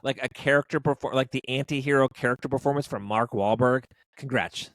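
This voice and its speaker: A man's voice: medium pitch, brisk, a bit bright, no room sound. A man co-hosting a podcast, chatting casually about movies in a rambling, jokey way with lots of fillers. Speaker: podcast co-host. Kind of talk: casual movie review chat.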